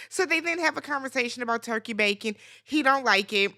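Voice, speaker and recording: Woman, high pitch, bright tone, animated sassy recap host. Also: a little fast. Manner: animated, sassy, laughing asides, swears freely. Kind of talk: casual reality TV recap.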